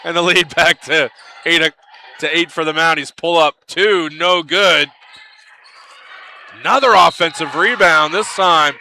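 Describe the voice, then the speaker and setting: A man calling a live basketball game play-by-play, lively and chatty, with excited calls on big plays. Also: fairly high pitch, measured pace. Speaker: play-by-play commentator.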